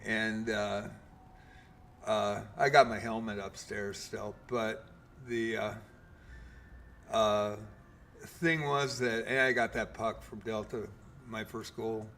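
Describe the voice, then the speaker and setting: A man's voice: fairly low pitch, fairly even intonation, slow, pauses often, a bit bright, slight background noise. A man in his fifties, a game streamer, casually telling a long story with lots of fillers and mild swearing.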